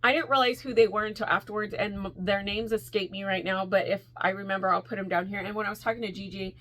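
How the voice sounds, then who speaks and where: A woman vlogging casually to camera, telling stories with quick asides, bursts of laughter and an animated delivery. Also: mid-range voice. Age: adult with a school-age daughter. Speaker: crochet vlogger.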